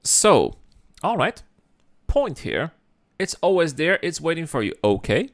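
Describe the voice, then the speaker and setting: Man, streamer, reacting live; lively swinging pitch, laughs a lot, pushes back in disbelief. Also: measured pace. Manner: laughs often, incredulous, argues back at the video. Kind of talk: casual reaction commentary.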